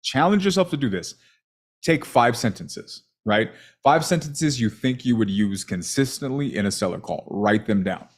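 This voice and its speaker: Brief: male sales coach, animated and emphatic, reviewing a call. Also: mid-range voice, normal speed. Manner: emphatic, animated, asks "right?" constantly.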